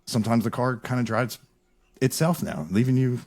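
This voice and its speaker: A man hosting a casual podcast chat, telling stories in an animated, rambling way with frequent restarts. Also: medium pitch, normal speed. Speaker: podcast host.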